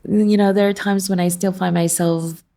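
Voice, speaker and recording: Earnest woman with a gravelly voice. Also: medium pitch, steady tone, normal speed, warm tone. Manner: earnest, with frequent restarts. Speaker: guest. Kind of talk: personal storytelling in conversation.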